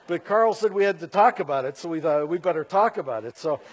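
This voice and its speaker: A middle-aged man telling a story to a live audience in an animated, conversational way with self-mocking asides. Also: a little high, quick pace.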